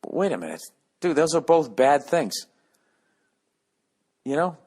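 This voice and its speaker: A man's voice: on the high side, sing-song, a little slow, long pauses, a little mellow. Guy in his 40s ranting on his podcast, swears a ton, sarcastic and combative, kinda echoey. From United States. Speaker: podcast host.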